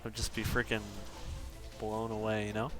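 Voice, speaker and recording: A man's voice: fairly low pitch, completely flat delivery, normal speed, music in the background. A man chatting casually on a live game stream, chuckling often as he reads out viewer requests. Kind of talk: casual live-stream chat while gaming.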